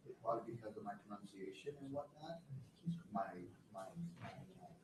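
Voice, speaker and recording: A man presiding over a trial, speaking sternly in halting, rambling sentences. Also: fairly low pitch, background noise. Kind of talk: courtroom remarks. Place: courtroom. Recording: echoey room from far off.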